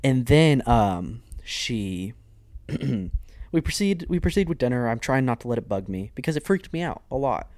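A man's voice: medium pitch, normal speed, no room sound. A man telling a story on a podcast in a dry, close sound. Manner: animated storyteller who acts out quoted voices. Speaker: podcast co-host. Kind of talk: casual storytelling chat.

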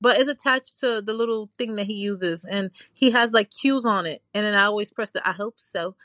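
Woman co-host, casual podcast banter, animated, mid-pitched, dry close sound. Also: a little fast, no echo. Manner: chatty, animated storytelling with playful voice imitations. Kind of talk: casual chat.

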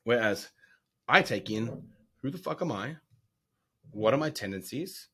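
A man, an online fitness coach, ranting bluntly and profanely about calories and accountability, loud one moment and muttering the next. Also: mid-range voice, a little slow, husky. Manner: profane, brash, animated, rants then drops to whispers. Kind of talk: blunt casual monologue.

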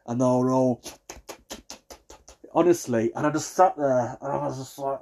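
A man ranting in a comic, exasperated way, jumping between hushed asides and loud outbursts. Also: medium pitch, steady tone, a little fast. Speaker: vlogger. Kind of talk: comic rant to camera.

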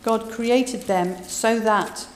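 A woman's voice: fairly high pitch, drawn-out words, slight background noise. A woman giving a conversational sermon, retelling scripture with asides. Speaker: preacher. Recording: echoey hall, voice from a distance.

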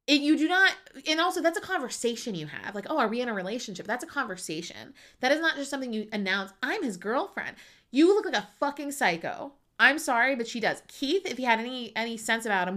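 A woman's voice: on the high side, animated, brisk, few pauses, a bit bright. A woman co-hosting a podcast in casual recap chat, opinionated and swearing freely. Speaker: podcast co-host.

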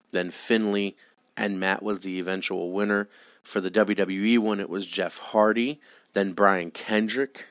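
A man's voice: low voice, no echo, clean studio sound. A man hosting a solo podcast, ranting with heavy profanity and repeated exasperated pleas. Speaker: podcast host. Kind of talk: solo wrestling podcast rant.

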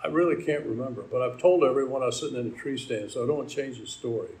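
A man's voice: mid-range voice, fast, a little mellow, rough recording. An older man from Maryland preaching a sermon, telling a personal story and quoting scripture. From Maryland, USA. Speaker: pastor.

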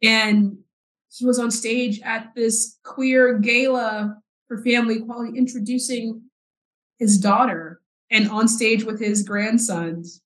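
A woman in her forties from South Texas, a podcast guest telling her personal story in an earnest, halting way with repeated words. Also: a little high, steady tone, a bit bright. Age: 40s. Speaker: podcast guest, nonprofit CEO. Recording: roomy echo.

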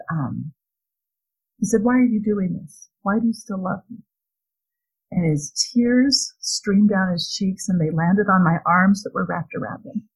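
A middle-aged woman giving a heartfelt devotional talk, speaking earnestly and gently as she shares a personal experience. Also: fairly low pitch, breathy edge, rough recording. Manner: earnest and gentle, with small laughs and restarts. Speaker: speaker sharing a faith-based parenting talk.

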